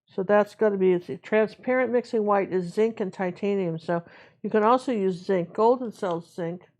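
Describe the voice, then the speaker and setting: A woman's voice: medium pitch, normal speed. Chatty woman teaching painting live. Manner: relaxed, chatty, talks to herself while working. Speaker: painting instructor.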